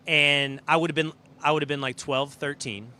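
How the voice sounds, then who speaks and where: A man's voice: fairly high pitch, normal speed. Emphatic middle-aged male host. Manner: animated, emphatic storyteller. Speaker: show host. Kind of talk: casual storytelling and show preview. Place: green room at a live event.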